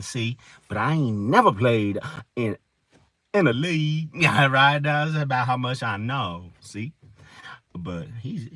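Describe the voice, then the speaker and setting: Brief: man with a husky, bright voice, slow drawling ramble, solo monologue from his car. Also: medium pitch, no echo. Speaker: amateur comedian.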